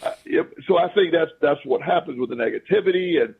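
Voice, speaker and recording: On a podcast, a male guest tells anecdotes casually, animatedly acting out what people said. His voice is a little high, fast and slightly rough, with phone-quality sound.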